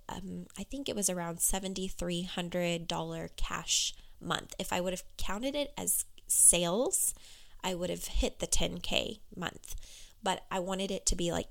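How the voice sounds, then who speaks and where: A young woman life coach talking candidly in a casual monologue, her voice froggy and hoarse, with plenty of "you know" and "um". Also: lowish voice.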